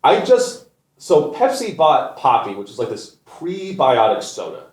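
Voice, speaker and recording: A man's voice: on the high side, big pitch swings, a little slow. A man hosting a comedy show, delivering an exasperated, profane rant. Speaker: comedian host. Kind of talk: ranting comedic monologue. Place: studio. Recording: echoey new studio, botched audio.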